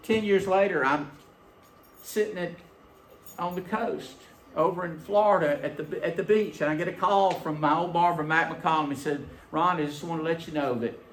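A man preaching a sermon, telling a story in an animated, folksy way. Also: a little high, normal speed, echoey room, slight background noise. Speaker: pastor. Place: church sanctuary.

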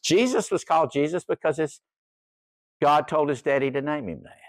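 A man's voice: on the high side, moderate pace, dry recording. An older man preaching a sermon, telling a humorous story in a folksy way. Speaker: pastor.

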